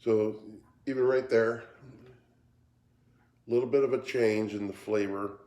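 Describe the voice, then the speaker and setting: Tired, halting man in a roomy space. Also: fairly low pitch, fairly even intonation, a little mellow. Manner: halting, repeats words, easygoing. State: tired, yawning. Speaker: cigar reviewer. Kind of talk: casual cigar review vlog. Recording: roomy echo.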